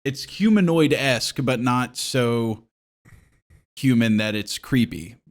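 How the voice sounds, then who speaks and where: A man with a voice of ordinary, middling pitch, riffing through a podcast conversation. He rambles crudely and keeps laughing through his own jokes. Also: slow pace. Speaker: podcast co-host. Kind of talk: casual chat.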